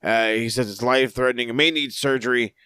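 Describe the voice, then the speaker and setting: Male co-host, casual rambling recaps with crude jokes, mid pitch, dry close sound. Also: steady tone, quick pace, sharp tone, clean tone, no room sound. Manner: rambling, profane, jokey recaps. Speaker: podcast co-host. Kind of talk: casual wrestling review chat.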